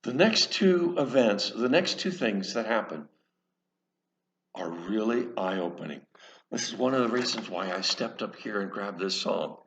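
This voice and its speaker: A man preaching in a church, telling a story earnestly and haltingly, often restarting his sentences. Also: lowish voice, animated, fairly bright tone, dull audio, slight background noise. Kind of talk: sermon storytelling.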